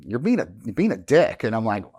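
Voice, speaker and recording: A man's voice: medium pitch, sing-song, fast talker, a little mellow, slightly rough, dry recording, studio quality. A middle-aged man telling stories in casual chat, rambling and acting out quoted dialogue. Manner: rambling storyteller, acts out quoted dialogue, swears. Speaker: podcast guest, real estate instructor.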